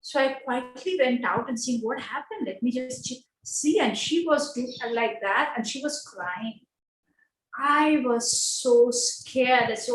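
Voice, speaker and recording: A woman with a high voice tells a personal story in simple non-native English. She acts out the voices of the people in her anecdotes. The sound is roomy and echoey. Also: moderate pace, slight background noise. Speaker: speaker at an online panel. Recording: echoey room.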